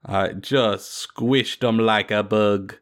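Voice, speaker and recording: A man's voice: lowish voice, takes it slowly. A man hosting a casual gaming podcast, telling stories playfully with many fillers. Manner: animated, playful storytelling with lots of fillers. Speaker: podcast host. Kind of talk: casual tabletop gaming chat.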